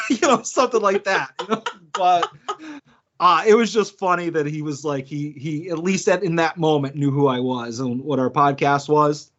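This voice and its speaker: On a casual podcast chat, a male co-host with a high-sitting voice and moderate pace spins stories animatedly. He frequently laughs and performs the quotes, and the audio is dull and lo-fi.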